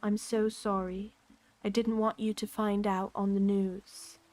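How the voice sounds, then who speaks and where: A woman reading aloud who voices a tactful, formal British man, putting on a British accent and speaking in a polite, measured, gently grave way. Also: mid-range voice, flat delivery, natural voice. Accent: British (put on).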